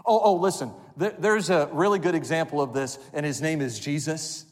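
High-voiced preaching man in a reverberant church. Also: normal speed. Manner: preaching with call-and-response to congregation. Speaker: pastor. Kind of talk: sermon. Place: church sanctuary. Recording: long reverb of a church hall.

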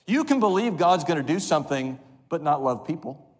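A male pastor with a fairly high voice preaches a sermon. He leads the congregation in call-and-response and slows down for scripture. The sound rings with a long reverb, like a church sanctuary. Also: animated, a little mellow.

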